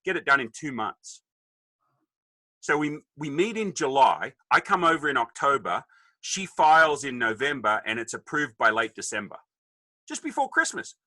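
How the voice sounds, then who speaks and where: Australian man in his fifties, jokey guest storyteller, piercing bright tone. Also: medium pitch, normal speed, no echo, rough recording. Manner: animated, joking storyteller acting out dialogue. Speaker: podcast guest. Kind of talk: casual storytelling.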